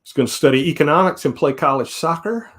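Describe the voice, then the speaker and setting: A man's voice: on the high side, animated, fast, fairly bright tone. A man in his forties with a Southern US accent, chatting casually on a live stream in an easygoing, rambling way. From South Carolina, US. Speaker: guest host.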